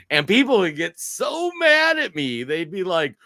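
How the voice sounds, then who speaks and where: Animated, bright-voiced male co-host. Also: fairly high pitch, moderate pace, few pauses, no room sound. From Minnesota. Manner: animated storyteller who acts out quotes. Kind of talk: casual political talk.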